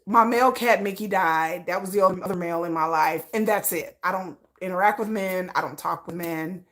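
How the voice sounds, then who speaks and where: A woman hosting a casual livestream, talking in an animated, dramatic way that swings between high exclamations and low mutters. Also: brisk. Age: adult parent. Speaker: YouTube channel host.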